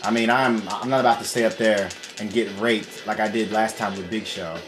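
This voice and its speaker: A man's voice: on the low side, fairly even intonation, moderate pace. A man giving casual gameplay commentary, frustrated and swearing constantly. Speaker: let's play gamer. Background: game music.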